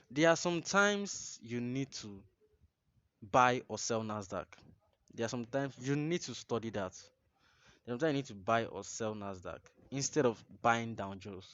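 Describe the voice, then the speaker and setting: A man's voice: medium pitch, no echo, highs cut off. A man coaching viewers through a trading tutorial, repeating points emphatically and checking they understand. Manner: repetitive, emphatic, instructive, often asks "you understand?". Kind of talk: screen-share trading tutorial.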